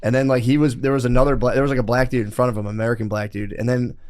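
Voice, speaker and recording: A man's voice: mid-range voice, flat delivery, rapid-fire, a little mellow. A man in his thirties, a podcast co-host, telling a profane, rambling comedic story and laughing at himself.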